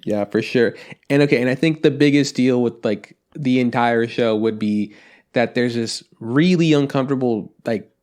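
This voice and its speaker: A man's voice: mid-range voice, moderate pace, a little mellow. A man co-hosting a casual anime review podcast, rambling with lots of fillers. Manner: rambling, filler-heavy, acts out quotes. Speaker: podcast co-host.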